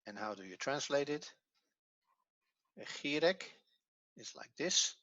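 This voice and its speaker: Bright-voiced man teaching a class. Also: on the high side, lively intonation, unhurried, dry recording, highs cut off. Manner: patient, step-by-step explaining, thinks aloud. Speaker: Hebrew teacher. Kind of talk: evening class lesson.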